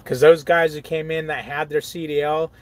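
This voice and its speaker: A man's voice: on the high side, flat delivery, moderate pace, dry recording. Chatty trucker reading his live chat. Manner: chatty, laughs often, reads comments aloud and riffs on them. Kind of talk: casual live stream chat.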